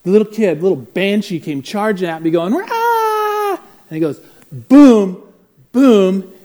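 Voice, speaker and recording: A man speaking to a live class, telling a story with lively acted-out voices. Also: sits high, fast. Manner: animated, acts out voices in his stories. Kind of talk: storytelling talk to a live group.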